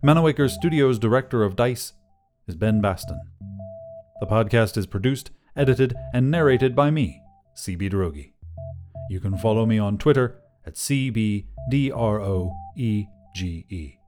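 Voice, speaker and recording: A man narrating a short fiction podcast in a measured, scripted way. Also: on the low side, animated, darkish tone, soft background music.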